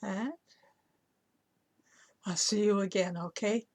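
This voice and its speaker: A woman's voice: medium pitch, steady tone, slow pace, a little mellow, no echo. A woman vlogger chatting casually to camera while unboxing a gift, gushing with awe. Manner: gushing, breathy exclamations of awe. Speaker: crafting vlogger.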